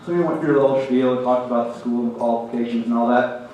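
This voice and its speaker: Middle-aged man, halting speech in a very echoey hall. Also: medium pitch, steady tone, mellow. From Oklahoma. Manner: halting, many restarts and repeated words; self-deprecating humor. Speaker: hall of fame inductee. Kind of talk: acceptance speech. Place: banquet hall. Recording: very echoey hall, heard from a distance.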